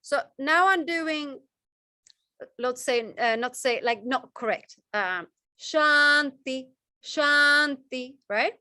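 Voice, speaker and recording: Brief: woman chant teacher, slow and patient, dry close sound, encouraging with lots of restarts. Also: sits high, animated, no room sound. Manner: gentle, encouraging, halting with many restarts. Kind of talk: teaching Sanskrit chant pronunciation.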